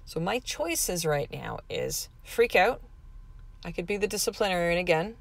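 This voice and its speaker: A woman's voice: on the low side, sing-song, moderate pace, vocal fry, no echo. A woman hosting her own podcast, telling a family story in a candid, chatty way with many fillers. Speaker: podcast host and mother. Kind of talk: casual podcast monologue.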